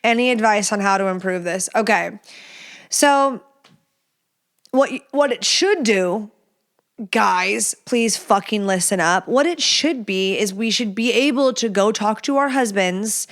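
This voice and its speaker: A woman's voice: fairly high pitch, takes it slowly. Chatty, profane woman podcast host. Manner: blunt, chatty and profane, talking straight to listeners. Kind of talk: casual solo podcast chat.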